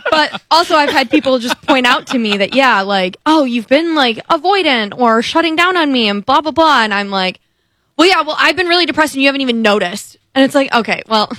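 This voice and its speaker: Young woman, podcast co-host, candid animated storyteller, slightly high voice, dry close mic. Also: fairly quick, dry recording. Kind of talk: casual chat.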